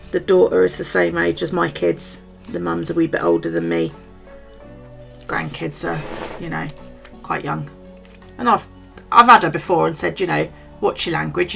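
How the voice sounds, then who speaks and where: A woman's voice: fairly low pitch, vocal fry, a bit bright. A middle-aged British woman vlogging, telling a gossipy story in casual, chatty talk and swearing freely. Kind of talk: casual chat to camera.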